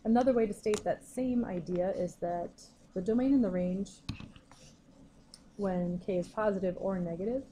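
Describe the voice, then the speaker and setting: A woman's voice: mid-range voice, moderate pace, dark tone, slight background noise, low-quality recording. A woman teaching a recorded math lesson, explaining patiently step by step.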